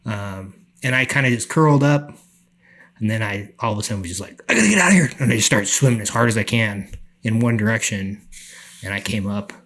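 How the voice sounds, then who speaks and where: A middle-aged man telling a story on a podcast, animated, acting out the people he quotes. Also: fairly low pitch, fairly quick. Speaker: podcast guest. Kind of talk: casual storytelling.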